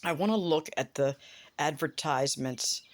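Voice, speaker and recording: A woman's voice: sits low, moderate pace. A woman vlogger in a casual commentary rant, rambling, swearing freely and sounding incredulous.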